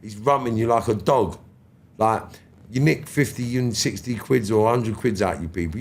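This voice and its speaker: A London man in his fifties, a podcast guest telling stories in animated, slangy street talk and swearing freely. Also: lowish voice, brisk, vocal fry. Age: 50s. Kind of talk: storytelling interview.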